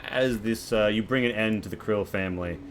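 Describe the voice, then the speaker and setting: Low-voiced man running a tabletop game. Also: steady tone, fast, noisy background. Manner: vivid, crude, rambling narration. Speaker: game master.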